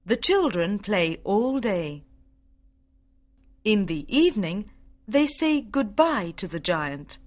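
Woman narrator, slow clear reading for English learners. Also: mid-range voice, very animated. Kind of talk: graded-reader audiobook narration for English learners.

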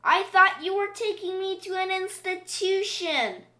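A spirited little girl pig from a storybook, as a woman reads her, sly and sure of herself. The voice is high, bright and bouncy. It sits in a roomy, echoing space. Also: measured pace, heavily acted. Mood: excited, sly. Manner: bright, sly and self-assured. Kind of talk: storybook reading. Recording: roomy echo.

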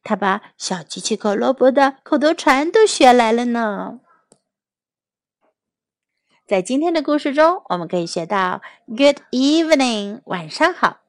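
High-voiced woman reading a kids' story. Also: dry recording. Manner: clear, expressive, slow English then Chinese. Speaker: storyteller and English teacher. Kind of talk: bilingual children's story reading.

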